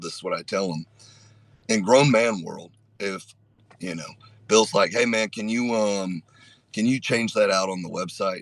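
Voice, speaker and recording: Very deep-voiced blunt man, dry sound. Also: a bit bright, dry recording. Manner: blunt, profane, unhurried with many pauses. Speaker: podcast host. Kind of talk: casual storytelling.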